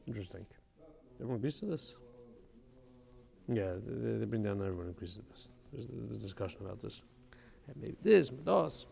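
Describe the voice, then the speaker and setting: A man's voice: fairly low pitch, expressive, fairly quick, creaky, pauses often, darkish tone, big-room sound. A man teaching a casual study session, thinking aloud and asking questions, with Hebrew terms mixed into his English.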